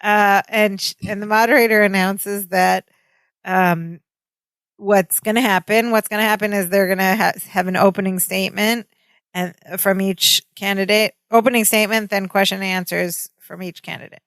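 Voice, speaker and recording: A woman's voice: mid-range voice, steady tone, normal speed, fairly bright tone, dry recording. A woman co-hosting a podcast, casually recapping a sitcom episode and retelling scenes line by line. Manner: chatty, retells scenes with quoted lines. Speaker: podcast co-host.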